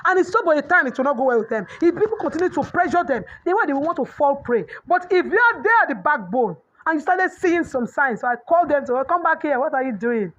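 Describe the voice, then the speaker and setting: Nigerian woman, middle-aged, high voice, preachy parenting coach, dull lo-fi sound. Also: very animated, quick pace, hardly any pauses, a bit bright. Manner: preachy, mixes in Yoruba proverbs. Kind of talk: motivational parenting talk. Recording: dull lo-fi audio.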